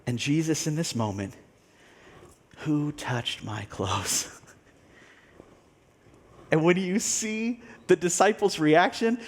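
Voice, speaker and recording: Animated storytelling male pastor. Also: on the high side. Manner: animated storytelling, acts out quoted characters, laughs often. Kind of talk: sermon.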